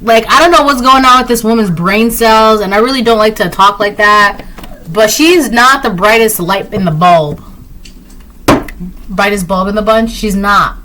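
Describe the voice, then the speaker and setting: Bright-voiced woman giving a rambling tarot reading. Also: medium pitch, unhurried, slight background noise. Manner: rambling, with many fillers and repeated phrases. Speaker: tarot reader. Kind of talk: casual spoken tarot reading.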